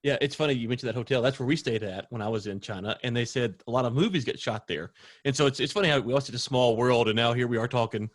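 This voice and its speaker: A man's voice: mid-range voice, quick pace, no room sound. Podcast host guy asking a long winding question, dry sound. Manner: rambling, searching questions with fillers. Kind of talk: interview questions.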